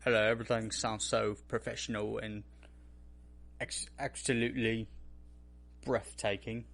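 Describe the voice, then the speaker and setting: A man co-hosting a podcast in casual chat, animated and profane, often acting out quotes. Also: on the low side, measured pace, gravelly. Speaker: podcast co-host.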